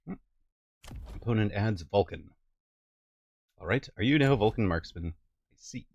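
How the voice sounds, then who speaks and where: A man's voice: lowish voice, expressive, a little slow, lo-fi sound, slight background noise. A man streaming a strategy game, chatting casually and musing aloud to his viewers. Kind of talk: casual live-stream commentary.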